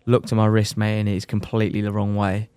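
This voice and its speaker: A young man speaks in a casual, animated way, acting out what others said to him. His voice is smooth and resonant. The recording is dry and close to the mic. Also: lowish voice, fast, no echo. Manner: animated, colloquial, quotes others in his story. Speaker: podcast guest. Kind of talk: casual storytelling chat.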